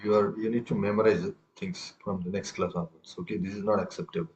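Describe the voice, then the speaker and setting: A man's voice: lowish voice, little pitch movement, quick pace, lo-fi sound, noisy background. A man teaching a tabla class over a video call, correcting students and reciting rhythm syllables aloud. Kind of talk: online music lesson.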